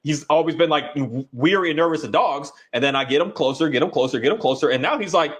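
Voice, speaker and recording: A man who works as a dog trainer, talking in a casual, rambling and halting way, now and then voicing his dog's thoughts. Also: on the high side, a bit bright. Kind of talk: casual conversation.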